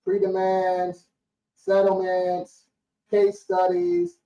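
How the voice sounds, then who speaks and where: A man's voice: sits high, sing-song, extremely slow, creaky. A young man talking bluntly and casually on a live stream, full of slang and swearing, getting fired up as he talks. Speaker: credit repair business owner hosting a live stream. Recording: roomy, distant, dull lo-fi stream audio.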